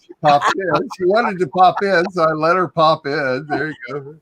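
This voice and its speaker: A man hosting a talk show in a slow, easygoing, joking way. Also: fairly high pitch, fairly bright tone, poor audio. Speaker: show host. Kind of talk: casual talk show chat.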